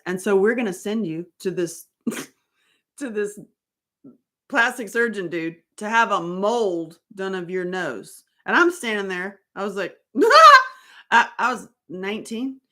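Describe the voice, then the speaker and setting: A middle-aged woman telling a story in a casual monologue, animated and blunt, laughing often and swearing freely. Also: lowish voice. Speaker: author and host.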